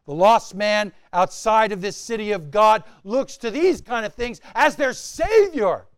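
Pastor guy preaching, dry close sound, goes loud then drops way down, repeats words to hammer them in. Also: high voice, expressive, a little slow, dry recording. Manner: swings between loud emphatic preaching and quiet, dropped-voice phrases; repeats key words for emphasis. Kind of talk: sermon.

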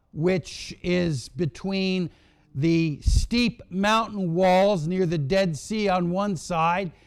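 A man preaching a sermon, retelling scripture in a slow, dramatic delivery with long pauses. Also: high voice, smooth.

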